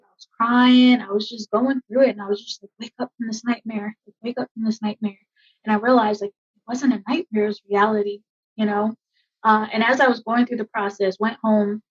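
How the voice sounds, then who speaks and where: A woman army veteran in her thirties, telling a personal story in a podcast interview, emotional and halting with many fillers. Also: mid-range voice, fairly bright tone, breathy edge. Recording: dull lo-fi sound.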